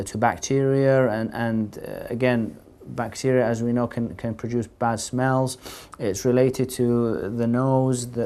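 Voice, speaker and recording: A man's voice: mid-range voice, a little mellow. A man presenting an explanatory religious lesson for a TV series. He talks earnestly, restates each point in several ways and uses frequent "uh" fillers. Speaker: Islamic teacher presenting a TV series.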